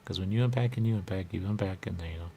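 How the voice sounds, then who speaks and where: Low gravelly man in a rambling monologue. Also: rapid-fire, warm tone, a little hiss or hum. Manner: repetitive, rambling, repeats catchphrases. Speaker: radio show host.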